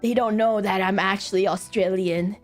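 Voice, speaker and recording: A woman streaming casual chat, animated and giggly, laughing often and swearing casually. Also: medium pitch, moderate pace, soft background music.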